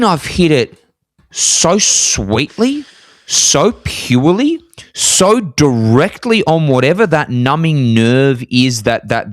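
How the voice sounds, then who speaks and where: A man spinning a story to his co-host in casual podcast talk. He gets animated and leaps into a high voice to stress a point. The sound is dry and close. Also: no echo. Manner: animated, jumps high in pitch for emphasis. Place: apartment in Scotland.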